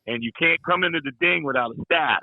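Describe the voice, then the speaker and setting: A middle-aged man with a fairly high, creaky voice talks quickly, telling loose, folksy stories laced with "you know" and playful jabs. The sound is phone-quality with no echo.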